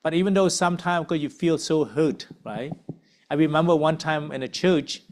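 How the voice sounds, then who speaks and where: A man's voice: on the high side, normal speed. A man leading a church parenting workshop in casual group discussion, conversational and always asking "right?". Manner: conversational, frequent tag questions. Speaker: uncle.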